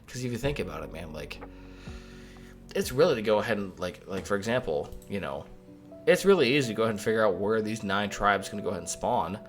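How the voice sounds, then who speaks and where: A man's voice: lowish voice, fast talker. A man hosting a livestream update, talking casually and animatedly, reading chat and swearing now and then. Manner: rambling, animated, swearing, reads chat aloud. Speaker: mod developer hosting a stream update. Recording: faint music behind.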